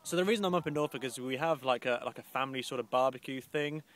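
A man's voice: medium pitch, quick pace, a bit bright, slight background noise. Young man, rambling, sarcastic grumbling, casual outdoor vlog, handheld camera. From English Midlands. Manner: rambling, grumbling and sarcastic, with mock posh voices. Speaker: vlogger. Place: outdoors by the coast.

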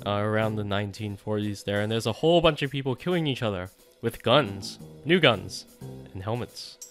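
A man's voice: on the low side, expressive, normal speed, a bit bright, faint music behind. Jokey man summarizing a book. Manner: playful, jokey, mock-dramatic asides. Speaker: online book explainer. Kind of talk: casual comic book summary.

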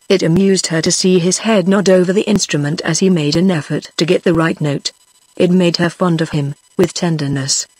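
A text-to-speech woman's voice with a British English accent, reading a novel aloud in a steady, even manner. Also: lowish voice, slightly rough, no echo. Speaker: audiobook narrator.

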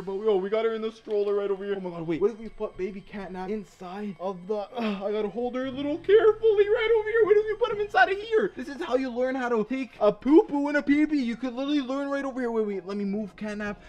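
Excitable young man narrating gameplay. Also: extremely high pitch. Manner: excitable, talks straight to viewers, repeats himself often. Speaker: gaming YouTuber.

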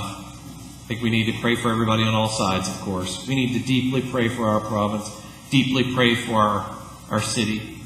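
A man preaching a sermon, swinging between loud calls and hushed asides. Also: fairly low pitch, a little hiss or hum. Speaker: pastor. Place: church sanctuary. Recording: echoey church hall.

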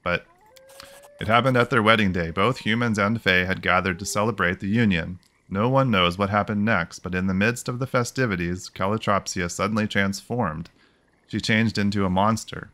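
A man's voice: fairly low pitch, normal speed, pushed and bright. A man voicing a tender young female dryad in a fantasy game, reading her lines earnestly and emotionally. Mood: sorrowful.

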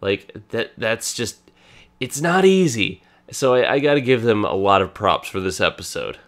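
Man, slight cold, podcast co-host, casual fan chat, excited, halting restarts. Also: fairly low pitch. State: has a cold.

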